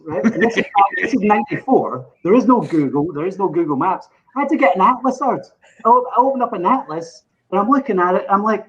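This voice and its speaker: A man with an English accent, a podcast guest in casual chat, animated as he tells an anecdote with bursts of laughter. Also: fairly high pitch, fast, muffled recording. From England.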